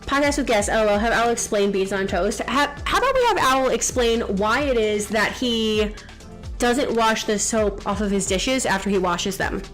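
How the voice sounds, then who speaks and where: A young woman with a fairly high, animated voice streams a game with faint music behind her. She chats casually, reads chat aloud, and teases viewers with quick jokes.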